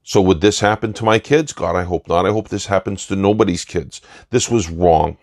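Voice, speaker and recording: A man giving an earnest opinion monologue in deliberate short phrases. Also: sits low, a little mellow, no room sound, studio quality. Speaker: commentator.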